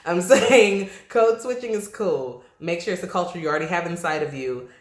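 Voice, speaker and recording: A woman with an East Coast accent, chatting casually to camera with lively, slangy asides and frequent laughter. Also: fairly low pitch, moderate pace. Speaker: vlogger. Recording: roomy echo.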